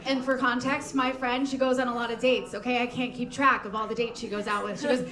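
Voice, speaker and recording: A woman's voice: sits high, steady tone, fairly quick, hardly any pauses. A young woman telling a comic dating story on stage, chatty and always checking in with the crowd with "okay?" and "right?". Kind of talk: live comedic storytelling. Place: live show venue with an audience. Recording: echoey room with a loud crowd.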